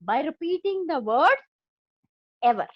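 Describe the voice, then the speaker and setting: A woman's voice: sits high, very animated, a little slow, no echo, lo-fi sound. A woman teaching an English class, explaining a story line by line with an Indian English accent and checking often that her students have understood.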